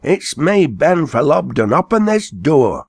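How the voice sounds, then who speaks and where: A man voicing a panicked, drunk old besom maker in Lancashire dialect, shouting to be let out. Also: on the high side, big pitch swings, slow, slightly rough, dry recording, clean studio sound, pitched above the performer's own voice, heavily acted. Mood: pleading.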